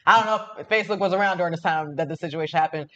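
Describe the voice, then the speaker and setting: High-pitched guy reacting to a story, jokey and disbelieving, kinda muffled audio. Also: racing, sharp tone. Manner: joking, incredulous asides. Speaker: reaction show host. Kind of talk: casual reaction commentary.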